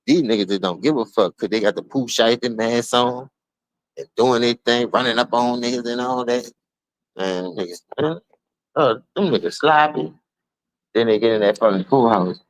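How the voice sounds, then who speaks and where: A man with a New Orleans accent streaming an unscripted, profane rant to his listeners. He keeps calling them dog and bro, and he swings between low mutters and sudden high outbursts. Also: moderate pace, dry recording. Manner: repeats words, addresses listener as dog and bro. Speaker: streamer giving a spoken open letter.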